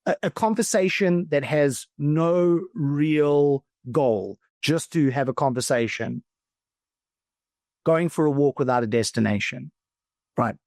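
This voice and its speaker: A man from South Africa, a philosophical coach, talking as a podcast guest in a thoughtful, reflective way that often slows down and stretches words. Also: on the high side, a little mellow, no echo, studio quality. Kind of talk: reflective conversational talk.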